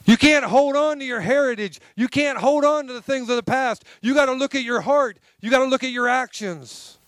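High-voiced preacher man, emphatic and folksy. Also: fairly quick, no room sound. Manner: emphatic, conversational preaching with calls to the congregation. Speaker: pastor. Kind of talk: sermon.

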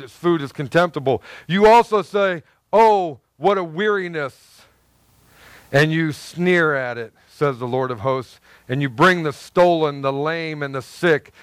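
A man preaching a sermon in a high, smooth, clear voice. He is a pastor who talks to his listeners in a loose, animated way, repeating phrases and acting out little asides. The sound is dry and close. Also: no room sound. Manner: animated, conversational preaching with repetitions and acted asides.

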